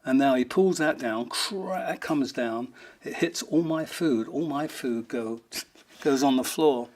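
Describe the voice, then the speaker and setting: Speaking slightly slowly in a mid-range voice, an interviewed man tells funny stories. He keeps chuckling and brings the tales to life by acting out what each person said.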